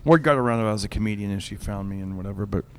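Rambling, animated male storyteller. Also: on the low side, racing, slight background noise. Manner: rambling, animated storyteller with many restarts and fillers. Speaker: comedian. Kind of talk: casual storytelling chat.

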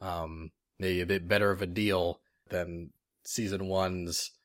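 Chatty man with a low, dry voice. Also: fairly even intonation, takes it slowly, no room sound. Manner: enthusiastic, laughs often, many fillers. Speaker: podcast co-host. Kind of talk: casual chat.

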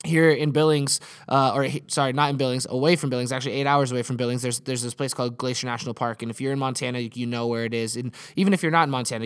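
A man in his late twenties, a pastor giving a conversational sermon in an earnest way, often restarting and repeating words. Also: mid-range voice.

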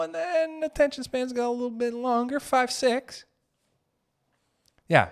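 A young man ranting in a profane, animated way during casual podcast chat. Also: medium pitch. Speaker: podcast host.

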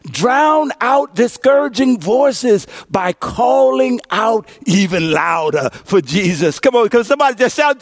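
A man in his fifties preaching a sermon as pastor, building to shouted call-and-response. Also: very high voice, big pitch swings, unhurried, hardly any pauses, no room sound, clean studio sound. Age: 50s.

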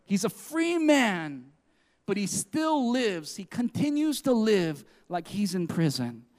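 A man's voice: high-pitched, big pitch swings, slow, darkish tone. A male pastor preaching a sermon in an earnest way, often putting questions to the congregation.

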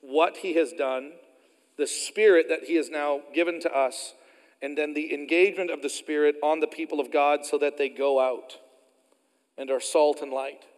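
A man with an Oklahoma accent preaches from the pulpit, his fairly high voice carrying a long reverb through the sanctuary. He tells stories in a folksy, self-deprecating way. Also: fairly even intonation, normal speed. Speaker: pastor. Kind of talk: sermon.

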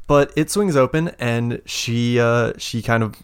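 Game master, male, gravelly, halting delivery full of fillers. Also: mid-range voice. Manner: hesitant, many fillers and restarts. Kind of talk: narrating a tabletop game.

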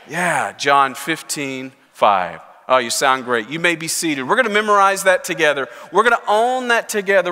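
A male pastor gives an animated sermon, leading call and response. His voice sits high and sounds bright and forceful. It echoes with the long reverb of a large sanctuary. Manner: animated preaching, leads congregation in call and response. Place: church sanctuary.

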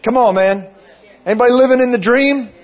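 High-voiced man preaching a sermon. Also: brisk. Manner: storytelling with many asides and repeated phrases.

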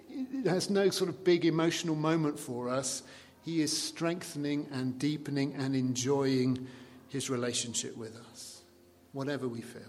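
A man preaching a sermon in a conversational way, dropping soft and low to quote scripture. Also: slight background noise. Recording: long reverb of a large hall.

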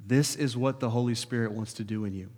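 A man preaching a sermon to his congregation, earnest, building to urgent questions and dropping soft for prayer. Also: mid-range voice, brisk, husky. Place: church sanctuary. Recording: long reverb of a hall.

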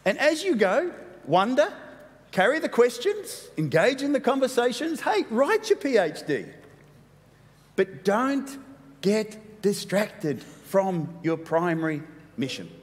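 A man preaching a sermon as pastor, animated and playful, with quick asides. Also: high voice. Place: church hall. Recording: long hall reverb.

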